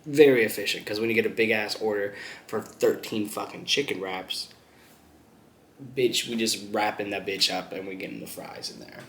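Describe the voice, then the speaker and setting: A man's voice: on the low side, steady tone, moderate pace, fairly bright tone, slight background noise. A man vlogging while he eats, telling a rambling story with lots of laughter and swearing. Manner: laughs often, swears freely, rambling retelling. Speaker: mukbang vlogger. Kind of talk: casual storytelling while eating. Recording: echoey room.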